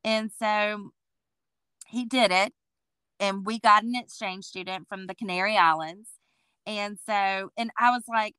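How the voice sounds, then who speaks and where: A woman in her forties, a boutique owner appearing as an interview guest, tells her story conversationally in a smooth, medium-pitched voice at a measured pace. She's a lively storyteller who acts out what people said, and there's no room sound.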